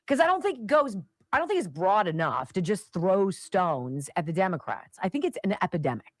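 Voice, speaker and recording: A woman's voice: medium pitch, big pitch swings, fairly quick, dry recording, clean studio sound. A middle-aged woman hosting a talk radio show, rambling conversationally with restarts and asides.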